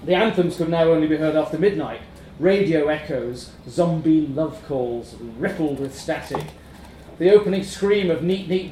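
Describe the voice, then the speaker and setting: Wry man reading a dark comic story. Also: a little high, a little hiss or hum. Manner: wry, darkly comic delivery with chuckles. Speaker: narrator. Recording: roomy echo.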